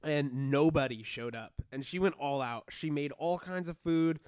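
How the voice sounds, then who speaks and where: A man co-hosting a podcast, making dry quips and telling a halting story full of fillers in casual banter. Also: on the high side, darkish tone, smooth, dry recording. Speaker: podcast co-host.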